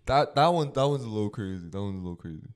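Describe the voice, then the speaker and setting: A man's voice: fairly low pitch, animated, racing, clear, resonant tone. A young adult man co-hosting a casual podcast, laid-back, reacting with short replies and questions. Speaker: podcast co-host.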